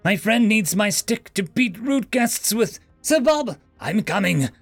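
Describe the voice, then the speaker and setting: A man doing a booming, pompous strongman. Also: animated, unhurried, vocal fry, slightly rough, dry recording, soft background music, exaggerated voice. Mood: eager. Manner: loud and grand. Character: boisterous muscle-bound boatman, male.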